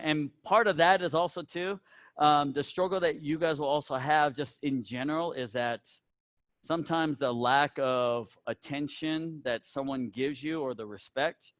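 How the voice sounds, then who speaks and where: A man's voice: medium pitch, no echo, clean studio sound. A man from the American South who runs a taekwondo school, talking his instructors through teaching points in a casual, instructive way and checking in with "right?" and "all right?" as he goes. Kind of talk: instructor meeting talk.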